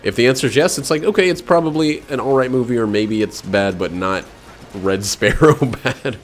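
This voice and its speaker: A man casually commenting while he streams a video game, rambling, joking and breaking into excited outbursts. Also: medium pitch, normal speed, faint music behind. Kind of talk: casual let's-play commentary.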